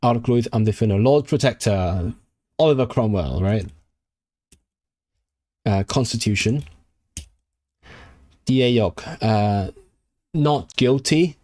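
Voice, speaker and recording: A man's voice: mid-range voice, takes it slowly, long pauses, dark tone. A man from Hong Kong chatting casually on a live stream while he works through language flashcards, thinking aloud with lots of fillers and restarts. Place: indoors at his computer.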